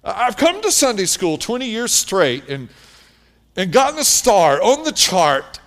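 A man's voice: sits high, sing-song, a little slow, a bit bright, pitched above the performer's own voice, exaggerated voice. A man voicing a self-righteous older son who protests and lists his own good deeds. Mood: indignant.

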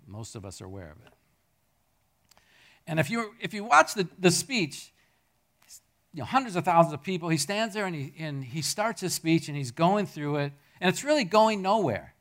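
A middle-aged man preaching a sermon to his congregation. He tells stories in an animated way, jumping from loud peaks to near-murmurs. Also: high-pitched, normal speed. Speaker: pastor. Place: church hall with a congregation.

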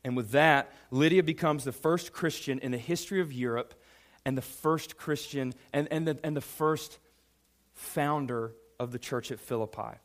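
A man preaching a sermon, emphatic and animated, speaking directly to a young congregation. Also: mid-range voice, moderate pace. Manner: addresses a youth audience directly. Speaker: pastor.

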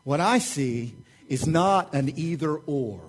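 Animated Southern preacher, high voice. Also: male voice, slow. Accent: Southern American. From American South. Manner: animated, joking, swings loud for mock voices. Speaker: pastor. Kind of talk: sermon. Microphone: website recording of a church service.

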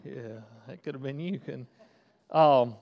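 A man preaching a sermon as a pastor, reading scripture aloud and pressing his points with bursts of loudness and frequent restarts. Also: medium pitch, a little slow, gravelly, in a large hall, dull audio. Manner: animated, rising loud for emphasis, frequent restarts.

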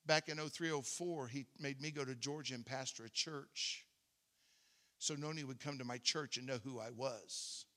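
A man's voice: medium pitch, moderate pace, sharp tone. A man preaching a storytelling sermon in a conversational way, often repeating words as he starts a thought. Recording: echoey hall reverb.

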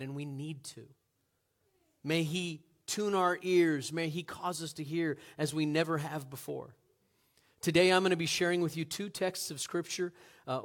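A man's voice: fairly high pitch, a bit bright. A man preaching a sermon as a pastor, earnest and emphatic, with rhetorical questions to the congregation.

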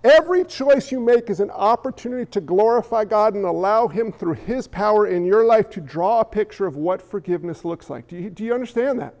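A male pastor preaching an animated sermon, acting out the voices he quotes. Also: sits high. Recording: echoey hall, dull lo-fi sound.

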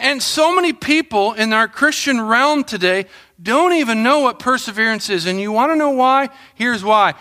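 A middle-aged man preaching a sermon as pastor, telling animated stories and acting out what people said. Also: sits high. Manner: animated storytelling, acts out quotes and shouts.

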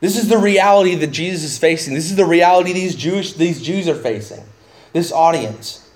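Man, middle-aged pastor, slightly high pitch, conversational, animated when paraphrasing. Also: a little fast. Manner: conversational, rising excitedly when paraphrasing Jesus. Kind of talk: expository sermon.

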